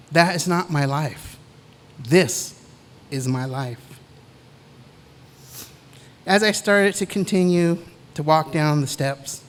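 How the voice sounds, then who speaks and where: A middle-aged man giving a commencement speech in a measured, deliberate way, with pauses between phrases. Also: fairly high pitch, fairly bright tone. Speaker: commencement speaker.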